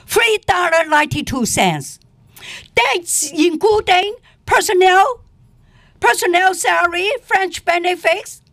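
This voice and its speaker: An older woman who runs a senior center, testifying at a public hearing in an animated, indignant way and laughing often. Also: high voice, dry recording. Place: council committee room.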